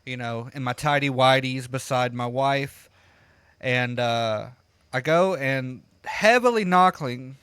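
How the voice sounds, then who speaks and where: A man casually telling a rambling, profane story while he plays a game, getting loud and heated as he retells it. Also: medium pitch, slow, clean tone, no room sound. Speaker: gaming streamer telling a story. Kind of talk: casual storytelling over gameplay.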